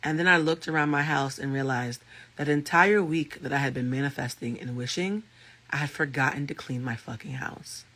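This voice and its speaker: A man with a thick, raspy voice, a life coach and tarot reader chatting casually with viewers on a livestream and telling stories with freely dropped swear words. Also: mid-range voice, normal speed. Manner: animated storyteller, swears freely.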